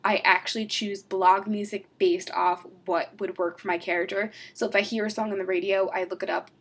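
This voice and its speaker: Young woman, New York accent, gravelly fry, rambling fan-blog chat full of fillers. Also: medium pitch, little pitch movement, fairly quick. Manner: rambling, giggly, many fillers and asides. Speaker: Star Wars role-play blogger. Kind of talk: casual chat answering fan questions.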